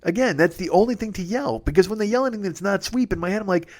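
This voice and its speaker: A man's voice: high voice, lively intonation, fast talker. Male comic host, 40s, loose profane monologue, chuckles at himself. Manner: rambling, profane, laughs at his own jokes. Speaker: comedian host. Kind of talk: solo comedy monologue.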